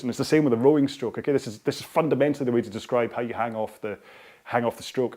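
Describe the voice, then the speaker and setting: A man's voice: mid-range voice, darkish tone. A middle-aged man chats his way through a live rowing stream. He rambles from tip to tip, keeps it casual, and pokes fun at himself with frequent laughs. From United Kingdom. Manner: chatty, rambling, self-deprecating, laughs often. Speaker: rowing coach and host.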